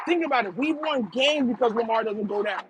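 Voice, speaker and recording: A young man chatting on a live stream, animated and repetitive, calling people "bro" as he talks to his chat while running errands. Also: very high-pitched, fairly quick, background noise. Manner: animated, repeats himself, says "bro" a lot.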